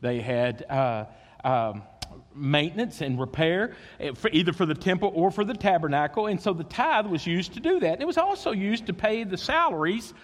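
A man preaching a sermon as pastor, swinging between loud emphasis and hushed, intimate tones. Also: high-pitched, lively intonation, normal speed, long reverb tail.

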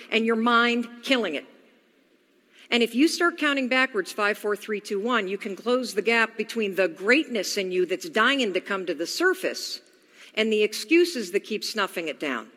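A woman's voice: a little high, a bit bright. A woman in her forties giving a motivational talk, telling her own story and acting out her inner dialogue. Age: 40s. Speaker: motivational speaker. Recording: long hall reverb.

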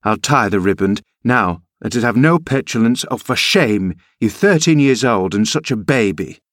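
A man's voice: mid-range voice, animated, normal speed, dry recording, studio quality, natural voice. A man reading an audiobook, voicing a stern female housekeeper who scolds in a raised tone. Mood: scolding.

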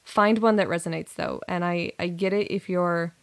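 A woman's voice: on the low side, fairly even intonation, moderate pace, clear, resonant tone. A young adult woman hosting her own podcast, telling a personal story in an earnest, rambling way with frequent self-corrections. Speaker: podcast host and coach. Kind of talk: casual solo podcast monologue.

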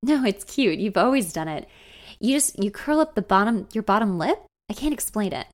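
A woman's voice: medium pitch, expressive, moderate pace, natural voice. A woman reading as a wry young man. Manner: soft, teasing, a bit nervous. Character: young man, old friend, wry and apologetic.

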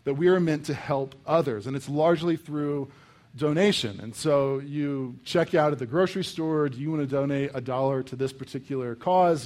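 A young man from the United States preaching a sermon in a casual, animated way, full of "like" and "um". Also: mid-range voice. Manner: casual and animated, many fillers like "like" and "um". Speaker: pastor. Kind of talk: conversational sermon.

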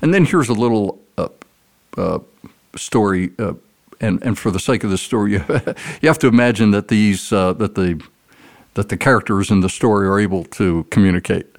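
Low-voiced male guest, earnest storyteller, lively delivery in a conversational interview. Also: moderate pace, creaky. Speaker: guest speaker.

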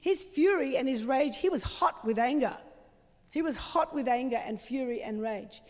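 High-voiced woman preaching passionately. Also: animated, normal speed, long reverb tail. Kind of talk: sermon.

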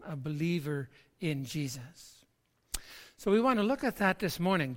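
Slow, emphatic preacher in a reverberant church. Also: medium pitch. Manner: emphatic, repeats words while building a point. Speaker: pastor. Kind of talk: sermon.

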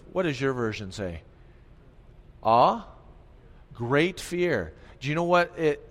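A male pastor giving an animated sermon, often asking the congregation questions. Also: mid-range voice. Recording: long hall reverb.

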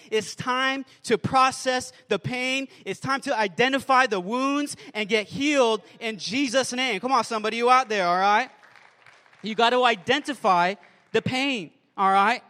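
High-voiced preaching pastor, man. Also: sharp tone, big-room sound. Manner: preachy call-and-response asides. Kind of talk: sermon.

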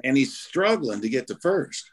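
A man's voice: mid-range voice, moderate pace. A man casually telling a funny story among friends, acting out what people said. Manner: animated storyteller acting out quotes. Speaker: radio show regular telling a story.

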